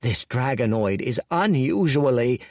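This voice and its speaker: A man's voice: mid-range voice, lively intonation, measured pace, darkish tone, no echo, clean studio sound, voice pushed up. A man voicing a nervous, desperate male dragon lieutenant whose pleading voice cracks upward. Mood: pleading, panicked.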